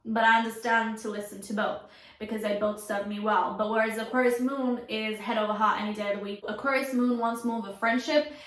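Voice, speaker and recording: A woman hosting an astrology video, talking casually to the camera in a chatty, animated way with dramatic asides. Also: a little high, fairly quick. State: out of breath. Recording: echoey room.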